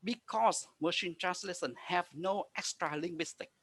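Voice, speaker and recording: A man giving a conference presentation over a video call, speaking haltingly with frequent restarts and nonstandard grammar. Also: high voice, fairly bright tone, slightly rough, dry recording. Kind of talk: lecture presentation.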